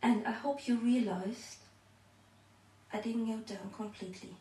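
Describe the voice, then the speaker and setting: A woman demonstrates exercises at home and counts each repetition slowly while she moves. She sounds a little out of breath. Her voice comes from some distance away, in an echoey room. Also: on the high side, fairly even intonation, mellow. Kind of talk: counting through a workout demonstration. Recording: echoey room, mic far off.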